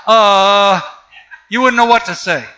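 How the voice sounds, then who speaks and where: A man's voice: a little high, a little slow, sharp tone. A man preaching a sermon with an emphatic, repetitive cadence.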